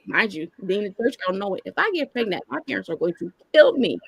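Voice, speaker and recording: A woman's voice: medium pitch, fast talker, creaky, husky, no room sound, rough recording. A woman in her thirties, candidly telling a personal story as a podcast guest and acting out the lines people said to her. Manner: candid, animated storytelling that acts out quoted lines.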